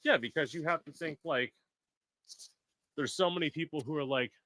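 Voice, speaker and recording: Guy hosting a podcast, talks blunt and loud with lots of swearing, bright edgy voice, dry sound. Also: fairly high pitch, moderate pace, no echo. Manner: blunt, profane and animated, acts out quotes. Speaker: podcast host. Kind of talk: casual podcast chat.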